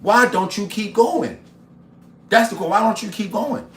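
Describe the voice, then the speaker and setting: A man's voice: high-pitched, expressive, measured pace, slight background noise. Upbeat man preaching in his kitchen. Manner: upbeat, preachy motivational riffs, repeats phrases, talks to chat. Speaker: cooking and motivation streamer. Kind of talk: casual live-stream talk while cooking. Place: home kitchen. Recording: roomy kitchen with faint ambience.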